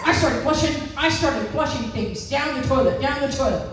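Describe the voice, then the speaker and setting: A woman's voice: high voice, animated, fairly quick. Woman in her sixties giving a church testimony. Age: 60s. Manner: emphatic storytelling, acting out quotes. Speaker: testimony speaker. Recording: echoey room, distant mic, faint noise.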